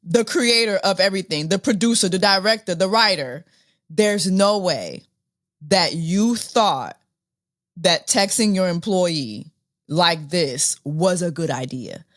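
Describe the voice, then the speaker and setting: A woman's voice: lowish voice, unhurried, fairly bright tone, no echo, studio quality. A woman in her thirties hosting a podcast, speaking with exasperated disbelief, repeating herself and laughing often. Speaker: podcast host. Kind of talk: casual commentary.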